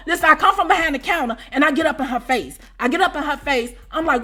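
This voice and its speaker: A woman host telling a casual storytime to her viewers, animated and slangy. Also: high-pitched, very fast, hardly any pauses.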